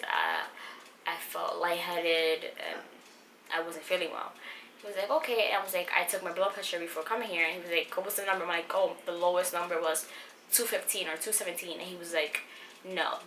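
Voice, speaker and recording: Young woman vlogger, bright and echoey. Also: on the low side. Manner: rambling, emotional, many fillers and restarts. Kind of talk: personal story vlog. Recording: echoey room with faint background noise.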